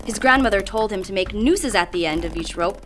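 Lively woman telling a legend. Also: medium pitch, brisk, a little hiss or hum. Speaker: storyteller. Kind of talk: read-aloud legend narration. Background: music.

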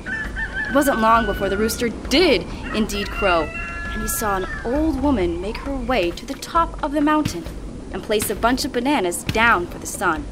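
Woman narrator for a legend, expressive and animated, bright higher voice, music underneath. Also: normal speed, noisy background. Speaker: storyteller. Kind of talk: read-aloud legend narration.

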